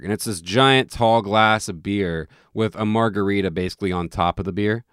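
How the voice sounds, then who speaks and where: A man's voice: fairly low pitch, brisk, few pauses, fairly bright tone, clear, resonant tone, no room sound, studio quality. A man chatting casually as a podcast co-host, rambling and profane, with lots of restarts as he tells a story. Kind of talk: casual chat.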